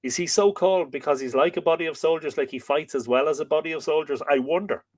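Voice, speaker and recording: A middle-aged Irish man reading a history book aloud on a live stream, taking slow, careful passages and pausing to spell out words and chat with his viewers. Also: a little high, a little mellow. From Ireland.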